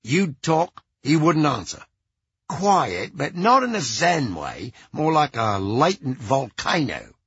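A man's voice: on the high side, big pitch swings, slow pace, a bit bright, husky, dry recording. A man narrating a first-person audiobook in a dry, wry way, on a slightly dull recording.

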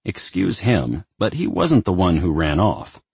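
A man narrating a novel as an audiobook in an expressive storytelling manner. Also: sits low, measured pace, gravelly, breathy edge, dry recording.

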